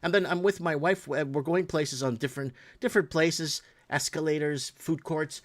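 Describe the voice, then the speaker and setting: A man's voice: a little high, steady tone, normal speed. Heated, profane male talk show host. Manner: heated, blunt and profane, repeats himself. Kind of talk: ranting solo commentary.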